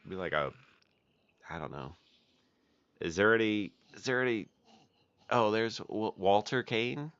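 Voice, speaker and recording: A man's voice: lowish voice, measured pace, long pauses, fairly bright tone, no room sound. A man streaming a survival game, chatting casually with his viewers as he plays. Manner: chatty, talks to viewers while playing. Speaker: gaming streamer. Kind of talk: casual live commentary while playing. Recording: dull lo-fi mic with faint noise.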